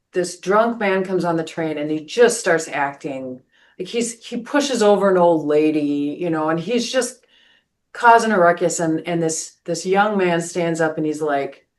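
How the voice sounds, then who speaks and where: A woman pastor hosting a spiritual podcast, telling a story in an earnest way, with many restarts and "right?" asides. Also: on the low side.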